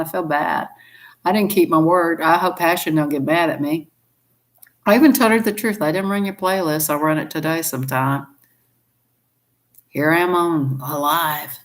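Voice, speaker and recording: A woman with a Southern US accent, chatting folksily on a live stream and laughing often. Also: deep voice. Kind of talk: casual live-stream chat.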